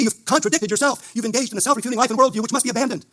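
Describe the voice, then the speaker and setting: A man giving a formal, gently ironic closing statement at a debate event. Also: very high-pitched, racing, few pauses. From Italian heritage.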